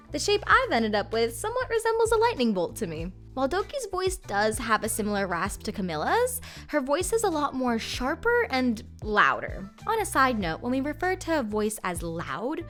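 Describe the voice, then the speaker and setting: A woman's voice: sits high, very animated, normal speed, fairly bright tone, faint music behind. Upbeat woman voice coach explaining. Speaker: voice coach host. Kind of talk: voice-acting tutorial.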